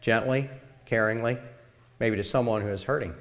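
A middle-aged man giving a sermon-style talk to a church congregation in a measured way, illustrating his points. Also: medium pitch. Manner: measured, demonstrates tones of voice. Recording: long reverb of a large hall.

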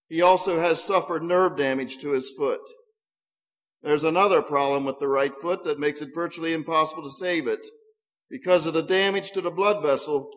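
A man reading the part of a hospital doctor who explains an injury in a measured, matter-of-fact way. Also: a little high, close to an everyday voice. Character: calm male hospital doctor giving grave news. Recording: long hall reverb.

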